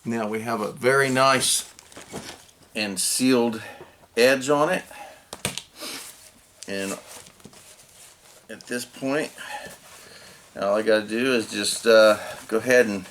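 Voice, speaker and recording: Male DIY vlogger, casual and rambling, average pitch, light background noise. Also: takes it slowly, pauses often. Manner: relaxed, rambling, lots of "uh" and restarts. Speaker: channel host. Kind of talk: casual DIY tutorial narration.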